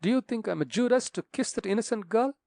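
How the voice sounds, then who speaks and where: A man voicing a stern older gentleman who speaks solemnly and with authority. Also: high-pitched, expressive, quick pace, vocal fry, no room sound, pitched above the performer's own voice. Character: stern older man, a returned father figure.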